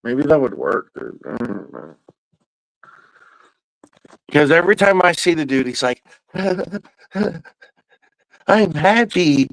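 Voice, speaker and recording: A man's voice: fairly high pitch, big pitch swings, measured pace, creaky, long pauses, a bit bright, no echo, poor audio. A man hosting a podcast, telling a loose, profane story in a casual, rambling way. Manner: profane, loose and meandering, with drawled asides. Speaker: podcast host.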